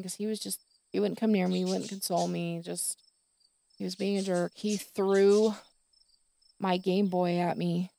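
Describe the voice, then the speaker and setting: A woman's voice: mid-range voice, level tone, moderate pace, vocal fry, dark tone. A middle-aged woman telling a personal story on a podcast, rambling with many fillers and restarts. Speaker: podcast host.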